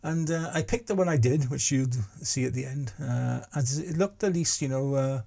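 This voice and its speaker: A man's voice: mid-range voice, normal speed, gravelly, dark tone. A man in his sixties chatting casually to camera as a vlogger, rambling and self-deprecating. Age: 60s.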